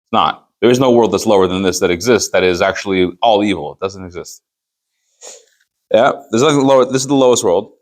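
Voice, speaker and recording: A man's voice: mid-range voice, animated, brisk. Man teaching a rabbinic text. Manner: reads Hebrew text, then explains it in English with emphatic rhetorical questions. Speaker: rabbi teaching a Chassidus class. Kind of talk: Torah study class, reading and translating a text.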